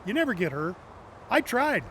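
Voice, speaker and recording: A man with a fairly high voice rambles through casual chat while he plays a driving game. He jokes, laughs often, and throws asides to his viewers. A faint hiss sits under his voice. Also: big pitch swings, normal speed, fairly bright tone. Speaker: game streamer.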